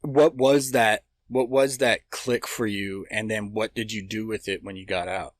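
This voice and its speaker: A man's voice: on the low side, fairly even intonation, a little slow, no room sound. A man hosting a podcast, asking his guest open questions in a friendly, casual way. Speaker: podcast host. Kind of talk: casual interview.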